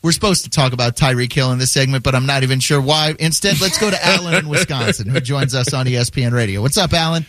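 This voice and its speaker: A male sports radio co-host taking calls, playful and teasing in quick banter. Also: medium pitch, fairly bright tone, slight background noise.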